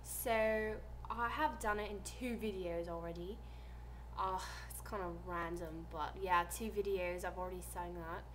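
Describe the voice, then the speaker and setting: A seventeen-year-old American girl chatting casually on her vlog, rambling softly and trailing off. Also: fairly low pitch, fairly even intonation, measured pace, a little hiss or hum. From United States. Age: teens. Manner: soft, rambling, trailing off quietly. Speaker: vlogger.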